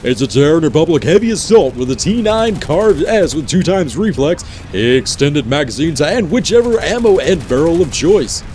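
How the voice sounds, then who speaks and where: A man's voice: fairly high pitch, very animated, moderate pace, hardly any pauses, a little mellow, a little hiss or hum. A man hosting a gaming video in a playful, jokey commentary style with teasing asides. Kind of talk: casual game commentary.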